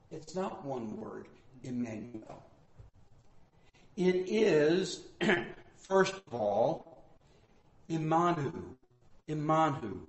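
A male pastor teaching from the Bible in a sermon, swinging between loud emphatic bursts and quiet asides. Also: on the high side. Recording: echoey room.

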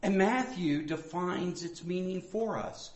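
A male pastor teaching from the Bible in a sermon, swinging between loud emphatic bursts and quiet asides. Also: sits high, slow. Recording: echoey room.

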